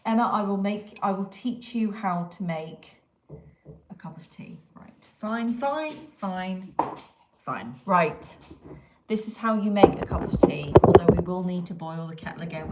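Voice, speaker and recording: Woman streamer, low-ish voice, chatty and rambling, roomy echo with noise behind. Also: lively intonation, unhurried. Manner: chatty, talks to viewers and reads their comments. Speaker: livestream host. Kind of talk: casual livestream chat. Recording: echoey room with clear background noise.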